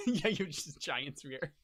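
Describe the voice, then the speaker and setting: A man's voice: fairly high pitch, wildly swooping pitch, slow pace, a bit bright. A man narrating as game master of a tabletop role-playing game, rambling with lots of fillers and restarts.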